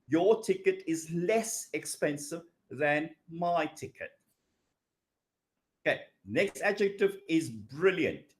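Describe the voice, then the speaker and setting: Slow-paced man teaching English grammar. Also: on the high side. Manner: slow and deliberate, stretching words out, checking in with "okay" and "yeah". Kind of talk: recorded grammar lecture.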